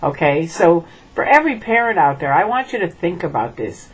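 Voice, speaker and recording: A woman's voice: on the low side, sing-song, brisk, muffled recording, a little hiss or hum. A middle-aged woman from the United States gives an emphatic direct-to-camera message and keeps checking in with "okay?". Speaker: former member speaking out.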